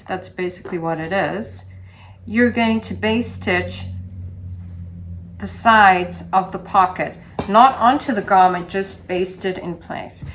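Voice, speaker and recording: A woman calmly walking through a sewing demonstration step by step, in a gentle sing-song teaching manner. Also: medium pitch, a little hiss or hum. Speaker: sewing instructor.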